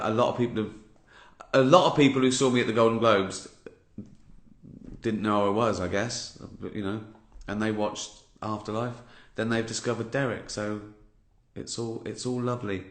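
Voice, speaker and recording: This comedian, an Englishman in his fifties, speaks in a lowish, fairly bright voice while spinning a sardonic tale on his casual livestream, cursing without restraint. The audio comes through a phone or laptop microphone and sounds roomy, like a home setup.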